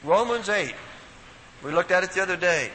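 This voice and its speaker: An older man giving a folksy, emphatic Bible talk as a preacher, swinging from loud emphasis to quiet asides. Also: high voice, moderate pace. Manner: animated, folksy, emphatic with sudden drops to quiet. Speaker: preacher at a Bible study week. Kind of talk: sermon-style Bible talk. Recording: hall reverb with faint noise.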